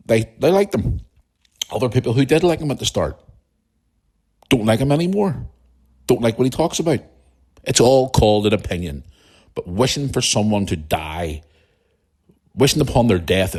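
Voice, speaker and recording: A man's voice: fairly low pitch, darkish tone, slightly rough. A man hosting a podcast in a casual monologue, talking bluntly and heatedly with plenty of swearing. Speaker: podcast host.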